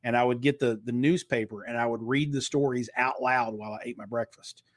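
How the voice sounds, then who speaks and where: A man's voice: medium pitch, fairly even intonation, fairly quick, no room sound. A man in his fifties speaks with a slight Eastern Kentucky twang. His delivery is fluent and practiced, like a trained broadcaster telling stories in an interview. The sound is dry and close. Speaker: guest. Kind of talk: casual interview storytelling.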